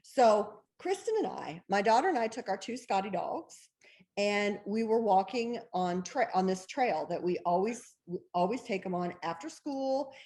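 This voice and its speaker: An author appearing as an interview guest tells a story excitedly, laughing often and acting out the dialogue she remembers. Her voice is medium in pitch and her speed is normal.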